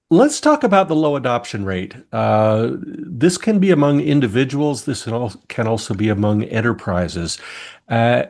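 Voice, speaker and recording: A man hosting a webinar panel, posing questions in a measured, slightly halting way. His voice is low. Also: darkish tone. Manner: measured, questioning, hesitant starts. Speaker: host.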